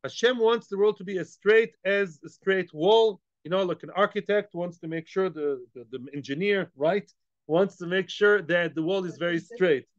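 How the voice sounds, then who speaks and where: A man's voice: sits high, moderate pace, no room sound. A man teaching a daily Talmud class, explaining Aramaic phrases in English with Hebrew and Yiddish terms mixed in, asking and answering his own questions. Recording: dull, lo-fi and dry.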